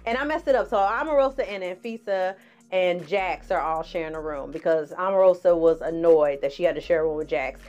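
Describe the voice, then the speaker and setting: A woman giving a casual, sassy recap as a vlogger, talking in an expressive, chatty way. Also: lowish voice, fairly quick, lo-fi sound. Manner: sassy, expressive, laughs often, acts out quotes in exaggerated voices. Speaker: vlogger recapping a reality show.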